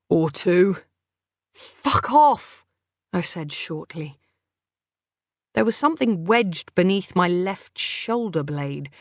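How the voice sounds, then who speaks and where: A woman narrating a first-person thriller audiobook in a measured, unhurried way. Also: mid-range voice, dry recording, clean studio sound.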